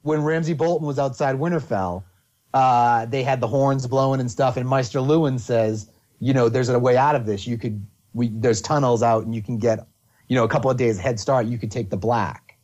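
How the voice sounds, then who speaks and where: A man in casual podcast chat, talking at length in a rambling, animated way with many restarts. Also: medium pitch, moderate pace, muffled recording.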